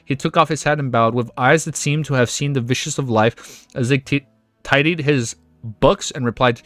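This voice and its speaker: A man reading a web novel aloud on stream, breaking off into excited, profane reactions and laughter. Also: medium pitch, normal speed, dry recording, soft background music.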